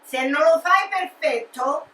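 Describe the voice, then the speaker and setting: A woman's voice: very high voice, a little slow, sharp tone, exaggerated voice. A woman playing a bossy, distrustful old Italian mother who scolds and nags with an Italian accent. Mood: scolding. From Italy. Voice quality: scolding, nagging. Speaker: meddling mother. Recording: echoey and distant from the mic.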